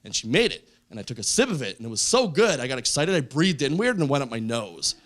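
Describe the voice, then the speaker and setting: A man doing stand-up storytelling on a comedy stage, acting out the voices in his stories loudly. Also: medium pitch, quick pace. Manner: animated, acts out quoted voices loudly. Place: comedy stage with a live audience. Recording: live club show, faint crowd noise.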